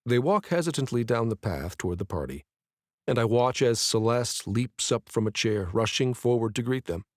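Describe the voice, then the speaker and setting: A male narrator reading a first-person romance audiobook in a measured, even way. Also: medium pitch, dry recording, studio quality.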